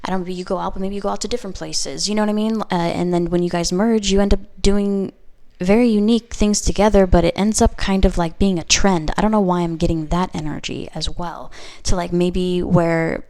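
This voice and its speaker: Young female tarot reader, gravelly and lowish, loose and chatty with constant check-ins to the viewer. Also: steady tone, a little fast, warm tone. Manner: chatty, heavy use of "like" and "okay?". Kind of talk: casual tarot reading to camera.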